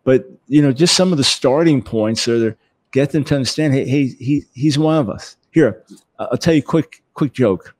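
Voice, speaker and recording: An animated man answering as an interview guest, his voice sitting in an ordinary middle pitch. He often repeats a word or two as he builds a point and moves briskly through his thoughts. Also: no room sound. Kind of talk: conversational interview.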